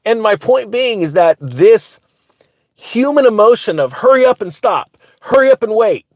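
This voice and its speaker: A man hosting his own channel, telling a story in a casual, animated way and often laughing as he talks. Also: high voice, moderate pace, dry recording. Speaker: finance commentator, channel host.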